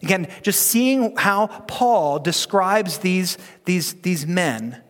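A man's voice: sits high, expressive, takes it slowly. A middle-aged man preaching a conversational sermon as pastor, joking and leading the congregation in reading aloud. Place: church sanctuary. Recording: long hall reverb.

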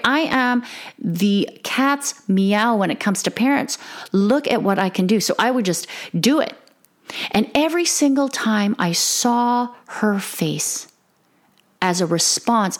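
A middle-aged woman giving an earnest, emotional, candid monologue to other mothers about her parenting. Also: medium pitch. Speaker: parenting podcaster. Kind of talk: confessional monologue.

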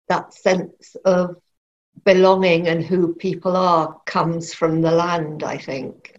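A middle-aged woman novelist answers interview questions thoughtfully, halting often and restarting her sentences. Her voice is fairly low, creaky and a little mellow, with lo-fi sound.

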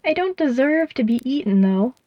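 A woman voicing a small, timid, lonely mouse who speaks in a soft, squeaky, self-doubting way, in a dull, dry recording. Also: animated, moderate pace, no echo. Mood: pleading.

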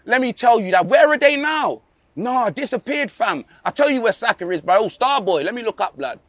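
A man's voice: very high voice, animated, brisk, a bit bright, no echo. A young man delivering a mocking comic rant full of street slang. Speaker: comedic fan ranting.

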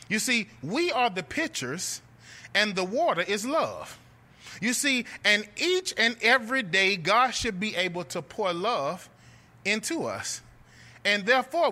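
A young man preaching a sermon, telling a story with animated delivery and calling his listeners friends. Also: high voice.

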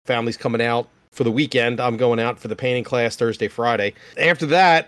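A man's voice: medium pitch, steady tone, quick pace, few pauses, fairly bright tone, clean tone, no room sound. Easygoing man, dry sound. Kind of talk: casual chat.

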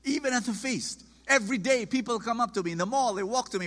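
A man preaching a sermon, emphatic and animated, acting out quoted voices. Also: sits high, brisk, in a large hall.

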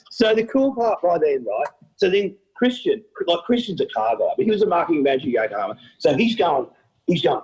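A man's voice: a little high, brisk, rough recording. A middle-aged Australian man, an event organizer, telling stories in an interview, laughing often and acting out what people said. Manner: animated storyteller, laughs often, acts out quotes. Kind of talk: storytelling interview.

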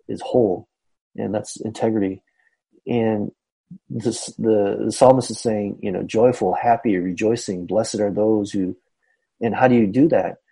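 A man reflecting on a psalm in a casual Bible discussion, speaking haltingly with many fillers and restarts. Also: on the low side, gravelly, warm tone, breathy edge, low-quality recording. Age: adult. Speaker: Bible study discussion leader.

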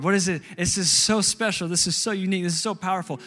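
A man's voice: sits high, steady tone, quick pace, few pauses, pushed and bright. A man pastor preaching a sermon, emphatic and repeating key phrases for stress.

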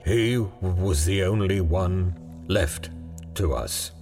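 A man voices a stubborn, slow-witted elderly father in a told ghost story. He speaks low and heavily, pausing between words. The sound carries a long hall reverb with faint music behind. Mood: grieving. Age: older. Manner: slow and heavy, halting.

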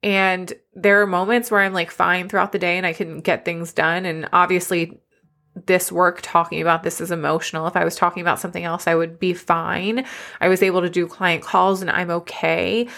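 A woman's voice: lowish voice, flat delivery, moderate pace, creaky, fairly bright tone. A woman hosting a solo podcast as a business coach, talking candidly and emotionally, tearful at times. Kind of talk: personal solo podcast talk.

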